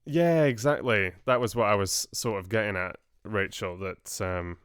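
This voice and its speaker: A man's voice: fairly low pitch, moderate pace, a bit bright, smooth, dry recording, studio quality. A man hosting a casual livestream book club, chatting and rambling to viewers with laughs.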